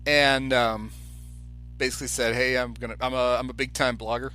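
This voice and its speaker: Over soft background music, a man co-hosting a podcast spins an animated anecdote in casual conversation, voicing the characters he quotes. His mid-range voice has a clean tone and moderate pace.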